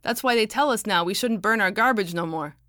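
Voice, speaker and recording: A man's voice: high voice, brisk, bright, forceful tone, no echo, clean studio sound. A woman playing a blustering bully of a man. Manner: haughty, blustering, rough grammar. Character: loud bullying old-fashioned man, stubborn.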